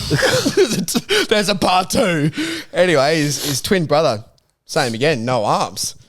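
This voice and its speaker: A man's voice: on the high side, very animated, takes it slowly, a bit bright. A young Australian man co-hosting a casual podcast, telling a long joke loosely and laughing at it himself. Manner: laughs at his own jokes, loose storytelling. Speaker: podcast co-host.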